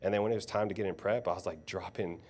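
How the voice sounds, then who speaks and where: A man with a notably low, deep voice hosts a relaxed conversation. He speaks in a laid-back and encouraging way, often filling his sentences with "you know". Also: quick pace. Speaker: host and coach. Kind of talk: casual conversation.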